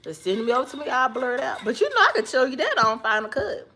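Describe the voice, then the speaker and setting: Woman streamer, sleepy chatty delivery with frequent laughs, animated pitch. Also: fast talker, a little hiss or hum. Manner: laughs often, chatty, talks to someone off-mic. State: sleepy, yawning. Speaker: livestream host. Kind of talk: casual chat.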